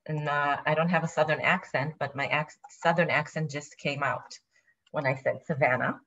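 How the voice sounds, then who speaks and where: A woman's voice: low-pitched, steady tone, moderate pace, fairly bright tone. Nervous woman lecturing over video call. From Israel. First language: Hebrew. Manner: nervous, apologetic, thinking aloud. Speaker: guest lecturer. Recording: dull lo-fi video call audio.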